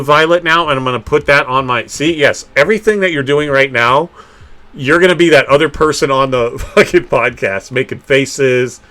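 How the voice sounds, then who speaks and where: Bright-voiced man hosting a streamed podcast. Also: mid-range voice. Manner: animated storytelling, swears freely, laughs often. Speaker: podcast host. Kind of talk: casual livestream podcast chat.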